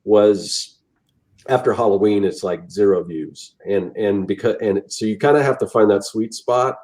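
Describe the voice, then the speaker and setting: Low, mellow-voiced man chatting casually. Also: moderate pace, poor audio. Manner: rambling, with frequent restarts and trailing phrases. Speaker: podcast co-host and artist. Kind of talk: casual chat.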